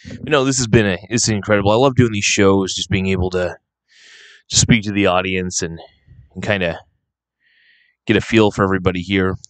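A slightly hoarse man with a lowish voice rambles casually to his audience, full of "um"s and restarts. He speaks right into a close microphone, and the sound is dry with no room echo around it. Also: fairly quick, long pauses. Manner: rambling, relaxed, with many fillers and restarts. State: slightly hoarse, coughing now and then. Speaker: vlogger. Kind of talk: casual unscripted talk to camera. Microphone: close handheld microphone.

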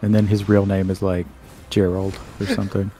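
A man's voice: low-pitched, level tone, moderate pace, dark tone, faint music behind. A man streaming a game with a friend, teasing him dryly and laughing often as they banter. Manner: laughs a lot, dry teasing. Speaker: streamer and co-host. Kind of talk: casual, profane gaming banter.

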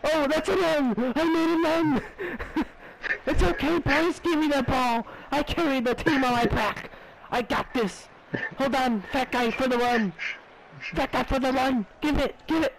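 A teenage guy yelling boastful trash talk while he plays a soccer game with friends. His voice sits very high and his words come out slow and drawn. A steady noise hangs under the recording. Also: vocal fry. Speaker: gamer. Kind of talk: casual gaming banter.

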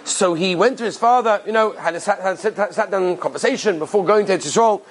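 A male rabbi telling an inspirational story in an animated way, repeating phrases for emphasis. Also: high voice, fast talker, slightly rough, poor audio.

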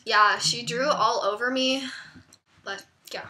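A woman's voice: fairly high pitch, fairly even intonation, slow, bright, forceful tone, slight background noise. A teenage girl vlogging, chatting playfully with a friend and giggling between lines. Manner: giggly, playful, talks in fits and starts. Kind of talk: casual chat.

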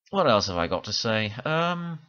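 A man's voice: medium pitch, fairly bright tone. Chatty man, lo-fi sound. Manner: chatty, laughs often, many restarts. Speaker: video essayist. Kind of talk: casual chat review.

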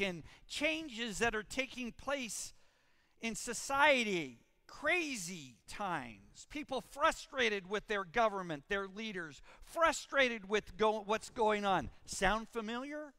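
A man preaching a sermon as pastor, reading scripture and praying in a slow, emphatic way with dramatic pauses. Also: sits high, bright, forceful tone, no echo, studio quality. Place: church sanctuary.

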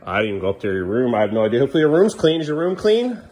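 A middle-aged father chats casually to the camera at home. He scolds his sons firmly, and his voice often climbs higher when he tells them off. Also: very animated, rapid-fire, darkish tone, breathy edge. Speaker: father and vlogger. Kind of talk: casual family vlog chat. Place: at home indoors.

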